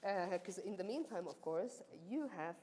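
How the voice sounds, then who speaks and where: Expressive and mellow, this woman's mid-range voice moves at a moderate pace through a supervisor's ceremonial laudatio. She is chatty and teasing within the formal speech and uses many fillers; the university ceremony hall is echoey, with faint background noise.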